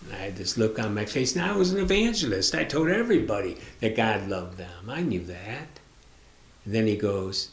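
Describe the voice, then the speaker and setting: A man's voice: lowish voice, sing-song, moderate pace. A middle-aged man, a minister, giving an earnest, confessional teaching talk and speaking straight to the listener. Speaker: minister and author. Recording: roomy echo.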